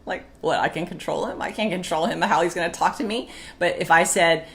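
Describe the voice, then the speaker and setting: A woman's voice: fairly low pitch, brisk. A woman co-hosting a marriage talk, chatting casually and acting out her old arguments. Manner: animated, acts out her past outbursts. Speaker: co-host of a marriage talk show. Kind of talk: casual chat with reading aloud.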